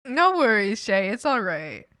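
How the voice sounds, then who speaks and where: A young woman streamer chatting loosely while she draws. She is giggly and emotional, laughs a lot, and breaks off to restart her sentences. Her voice sits at an everyday middle pitch and is recorded dry and close, with no room sound. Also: very animated, unhurried, pushed and bright, dry recording. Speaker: art streamer. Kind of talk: casual livestream chat while drawing.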